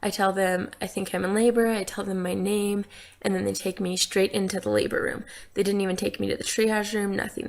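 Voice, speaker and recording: Young woman vlogging, talks casual with tons of likes, kinda gravelly fry in her voice. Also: medium pitch. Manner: chatty, lots of "like" fillers. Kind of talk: casual storytelling.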